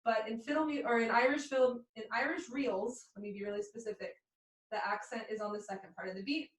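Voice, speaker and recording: Young woman teaching fiddle online, kinda high voice, counts beats out loud, roomy echo. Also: fairly even intonation, fast, a little hiss or hum. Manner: friendly explaining, counts rhythms aloud. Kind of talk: online music lesson. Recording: echoey room.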